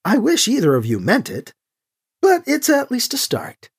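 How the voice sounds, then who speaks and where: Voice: mid-range voice, wildly swooping pitch, normal speed, husky, pitched above the performer's own voice, exaggerated voice. A narrator voicing an older aunt who is stern, disapproving and protective, for an audiobook. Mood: insistent. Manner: stern, insistent. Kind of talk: audiobook character reading.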